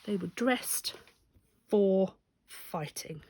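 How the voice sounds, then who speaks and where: A woman's voice: medium pitch, lively intonation, drawn-out words, a little mellow, slightly rough, no echo. A woman telling a rambling, amused anecdote in a casual vlog, often correcting herself as she goes. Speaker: stitching vlogger.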